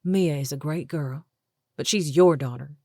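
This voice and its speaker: A woman's voice: deep voice, unhurried, no echo, studio quality. A woman voicing a blunt, no-nonsense young woman who speaks firmly and directly in an audiobook. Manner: firm, flat, direct. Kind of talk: audiobook character voice.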